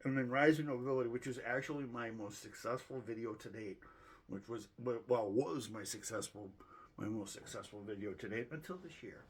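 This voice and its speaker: A man's voice: mid-range voice, moderate pace, husky. A man with a Boston accent hosting his own channel, rambling casually through his yearly viewer stats and correcting himself as he jokes. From Boston, United States. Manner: rambling, self-correcting, joking. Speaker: channel host. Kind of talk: casual year-end stats review.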